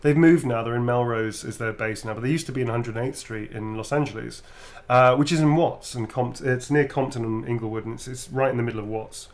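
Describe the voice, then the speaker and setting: A man's voice: mid-range voice, a little fast. A middle-aged British man chatting casually during a livestream autograph signing, laughing often and swearing freely as he tells stories. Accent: British English. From Britain.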